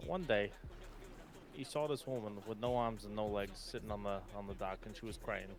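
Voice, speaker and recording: A man's voice: on the low side, steady tone, a little fast, music in the background, lightly acted. Guy doing an easygoing ex-con, rambly, trips over his words telling dumb jokes. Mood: joking. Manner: rambling, stumbling joke-teller. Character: joking ex-convict man, laid-back storyteller. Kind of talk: live role-play stream chat.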